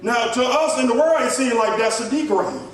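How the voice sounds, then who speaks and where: A male pastor preaching a sermon, rising into shouts and speaking straight to the congregation. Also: very high-pitched, moderate pace. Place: church sanctuary. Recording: echoey church hall from far off, congregation. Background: congregation responding.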